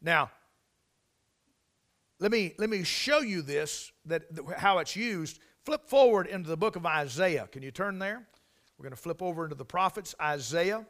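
A man preaching a sermon in a conversational way, repeating and restarting phrases and swelling loudly on key lines. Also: sits high, lively intonation, normal speed.

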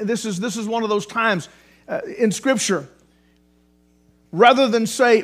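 High-voiced animated male preacher. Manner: animated, repeats words for emphasis, restarts often. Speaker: pastor. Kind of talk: sermon. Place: church sanctuary.

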